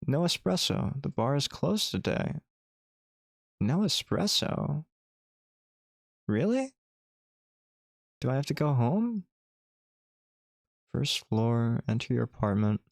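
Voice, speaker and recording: Male streamer narrating a text adventure with playful asides; gravelly, dry. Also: medium pitch, big pitch swings, slow, long pauses, no room sound. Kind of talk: reading a text adventure game aloud.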